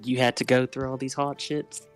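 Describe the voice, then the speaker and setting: A woman's voice: a bass voice, flat delivery, moderate pace, faint music behind. A woman playing a tabletop role-playing game, teasing and reassuring her fellow players. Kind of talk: casual play in a tabletop game.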